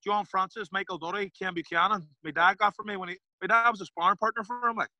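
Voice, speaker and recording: A man with a Derry Northern Irish accent tells stories as a podcast guest, his voice sitting high and bright with a forward edge. He talks in a loose, animated way, slipping into other people's voices for quoted lines and swearing easily. The sound is dry and close, with hardly any room around it. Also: quick pace, no echo, low-quality recording. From Northern Ireland. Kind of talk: casual storytelling interview.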